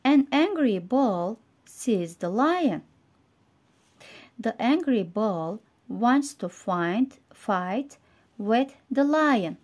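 Slow-speaking Turkish-accented woman teacher. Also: on the high side, expressive, a little mellow. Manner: slow, clear, explaining words one by one. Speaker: English teacher. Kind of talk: language lesson, reading a story aloud.

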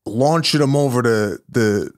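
A man who is a comedian guest on a podcast, chatting casually and often pausing to search for words. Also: medium pitch, no room sound, studio quality. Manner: halting, searching for words with many uhs. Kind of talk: casual chat.

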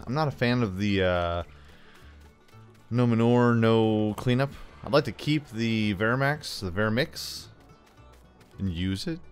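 A man casually commenting on a farming game as he plays, chatting to himself and the game with jokey asides. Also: fairly low pitch. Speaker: gameplay commentator.

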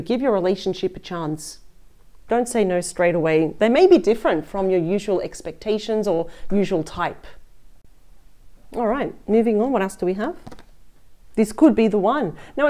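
Female tarot reader, warm mellow voice, casual rambling delivery to camera. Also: medium pitch. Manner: chatty, thinking aloud, trailing into asides.

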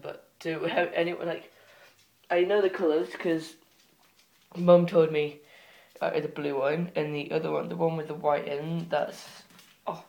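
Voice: mid-range voice, creaky, darkish tone. Rambling teen vlogger. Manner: rambling, halting talk with many fillers, breaking off to give the dog short commands. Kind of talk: casual home vlog. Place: at home with a dog.

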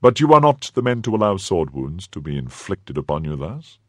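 An imperious older cardinal who fires clipped, commanding questions, as a male narrator puts him on. The voice sits higher and louder than the reader's own, with a husky edge, recorded close and dry. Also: very animated, normal speed, no room sound.

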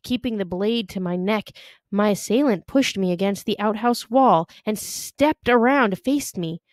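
A woman reading a novel aloud with expressive storytelling. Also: medium pitch, unhurried, no echo. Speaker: audiobook reader.

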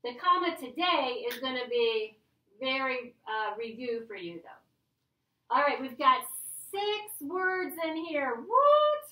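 A woman's voice: sits high, expressive, takes it slowly, sharp tone. A woman teacher giving a playful, chatty grammar lesson to her class. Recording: echoey classroom from a distance.

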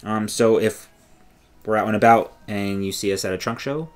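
Guy with a lowish voice gushing about a shawl, lots of um and like, laid back podcast chat. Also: fairly even intonation, normal speed. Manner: enthusiastic, meandering, lots of fillers. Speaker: podcast co-host. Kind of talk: casual knitting podcast chat.

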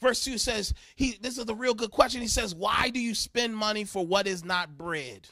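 A male pastor preaching a sermon with fervent energy, shouting and half-singing some lines and dropping to a murmur when finding Bible verses. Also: high-pitched, normal speed, dry recording.

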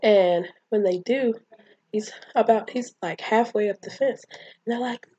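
A woman's voice: on the high side, unhurried, dark tone, slightly rough, no echo, muffled recording. A woman casually retelling a childhood movie, chatting and acting out the characters' lines. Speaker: movie recapper.

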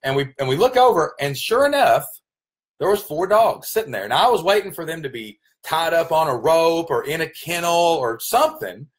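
A man's voice: a little high, expressive, moderate pace. A man with a Kentucky accent hosting a casual vlog, speaking in a folksy, emphatic way and often repeating his phrases. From Kentucky, United States. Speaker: host, online business coach.

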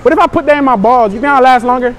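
A man's voice: very high-pitched, rapid-fire, slight background noise. A young man chatting brashly to strangers in a store, joking and provoking as a prank vlogger. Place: inside a store.

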